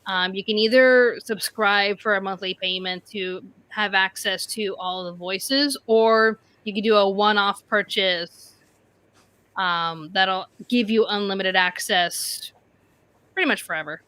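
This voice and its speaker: A woman's voice: mid-range voice, fairly even intonation, measured pace, pushed and bright, clear, resonant tone. A woman co-hosting a podcast, chatting casually and explaining her streaming setup. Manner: chatty, explaining tech settings. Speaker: podcast co-host. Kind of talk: casual live-stream chat.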